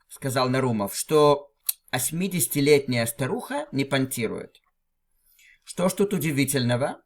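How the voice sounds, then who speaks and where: A man's voice: mid-range voice, lively intonation, moderate pace. Patient man teaching a literary text. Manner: patient, repeats phrases and restarts often. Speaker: language teacher. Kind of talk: explaining a literary text line by line.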